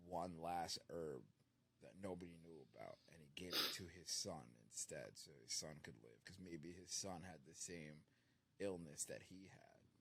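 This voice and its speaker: A man's voice: low voice, vocal fry, a bit bright, slightly rough. A man co-hosting a casual podcast movie review, giving his opinion in a thoughtful, rambling way with many fillers. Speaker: podcast co-host.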